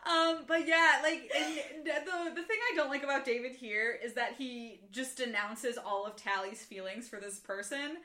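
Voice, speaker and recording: A young woman with a higher, bright and forceful voice talks through a book with a friend, chatty and laughing easily, with the odd casual swear. Her voice rings in a roomy, echoey space. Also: steady tone, normal speed, hardly any pauses. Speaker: podcast co-host. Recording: roomy echo.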